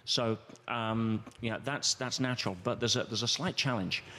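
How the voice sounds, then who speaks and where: A man's voice: medium pitch, moderate pace. A man as a podcast guest, explaining at length in a conversational way and acting out quoted voices as he goes. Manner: animated, acts out quoted voices.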